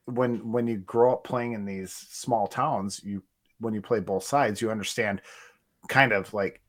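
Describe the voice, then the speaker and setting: A man's voice: lowish voice, steady tone, unhurried. Co-host, male, from north central Wisconsin, loose storyteller who trails off and restarts. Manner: rambling, self-correcting, storytelling. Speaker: sports podcast co-host. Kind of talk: casual sports chat.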